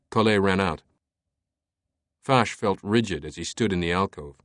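A male audiobook narrator with a low voice, reading a thriller in a steady, measured way. The recording is dry and close, with no room sound. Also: no room sound.

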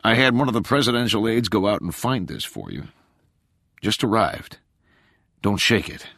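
A man's voice: lowish voice, big pitch swings, moderate pace, vocal fry, fairly bright tone, dry recording, clean studio sound, voice pushed up, exaggerated voice. A man voicing a roguish, playful man who jokes in a light, self-deprecating way.

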